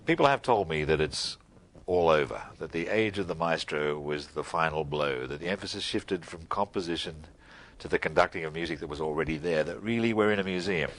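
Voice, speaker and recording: A man's voice: rumbling low, a little fast, a bit bright. A man hosting a library interview, telling anecdotes in a conversational way. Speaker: host interviewer.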